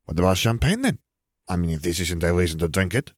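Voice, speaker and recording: A man's voice: sits low, sing-song, fast talker, dry recording, studio quality. A man reading fan fiction aloud, voicing a cheeky younger sister with a chirpy, mischievous manner.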